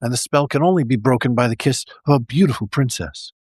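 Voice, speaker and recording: A man's voice: mid-range voice, fast talker, a little mellow, slightly rough, no echo, studio quality, natural voice. A man voicing a sad, pathetic male frog who claims to be an enchanted prince, in a whiny, pitiful way. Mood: pleading. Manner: whiny, pitiful, then smug.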